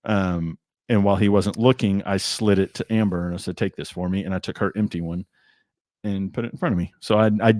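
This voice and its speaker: Casting: male host, very low voice, dry close sound, loose anecdotal storyteller. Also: fairly even intonation, a little fast, a little mellow, no room sound. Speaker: livestream host. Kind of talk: casual chat over drinks. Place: tasting room.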